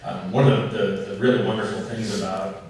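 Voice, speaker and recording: A man with a fairly low voice spins loose, folksy stories for an audience, leaning on fillers and asides. He sounds set back from the mic, and the room throws a heavy echo around every word. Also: steady tone, brisk, darkish tone, a little hiss or hum. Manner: folksy, rambling anecdotes with many fillers. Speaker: author speaking at an event. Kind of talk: storytelling talk and Q and A. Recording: roomy echo, voice far from mic.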